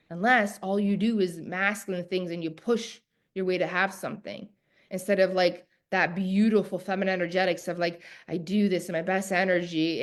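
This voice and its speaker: Emphatic woman coach teaching live. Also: fairly low pitch. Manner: emphatic, repeats key phrases, preacher-like cadence; talks directly to viewers. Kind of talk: live online masterclass.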